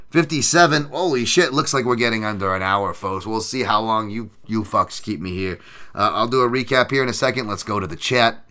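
A man's voice: low-pitched, vocal fry, bright, forceful tone. A man hosting a podcast, giving betting picks in loose, profane, sarcastic banter and reading out the chat. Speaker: podcast host making fight picks. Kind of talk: casual profane livestream chat.

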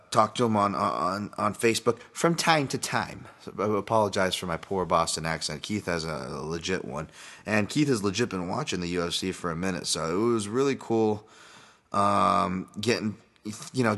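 A man's voice: on the low side, a bit bright. A man hosting a solo fight podcast, talking casually in a rambling, profane way with many restarts. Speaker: podcast host and fight analyst.

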